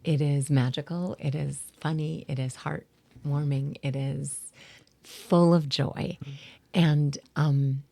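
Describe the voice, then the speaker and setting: Very low, gravelly, husky woman storyteller. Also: fairly even intonation, slow. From South Dakota, USA. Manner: rambling storytelling with many fillers, dropping into soft whispery asides. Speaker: guest, actor and theater teacher. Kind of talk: casual interview chat.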